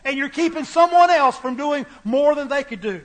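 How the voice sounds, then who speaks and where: A man's voice: very high-pitched, lively intonation, moderate pace. A male preacher delivering a sermon in an emphatic, repetitive cadence.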